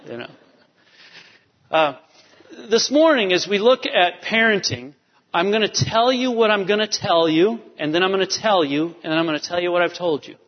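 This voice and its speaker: Guy preaching a sermon, kinda high voice, lots of uh and you know, echoey dull church sound. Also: animated, normal speed. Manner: storytelling with many fillers. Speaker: pastor. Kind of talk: sermon with personal story. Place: church sanctuary. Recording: dull reverberant church hall. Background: long hall reverb.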